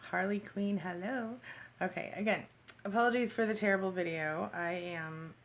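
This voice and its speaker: A woman hosting a casual livestream from her phone, chatting with viewers, greeting them by name and reading their comments aloud. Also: medium pitch. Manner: laughs easily, talks in quick bursts. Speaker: livestream host. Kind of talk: casual live chat with viewers.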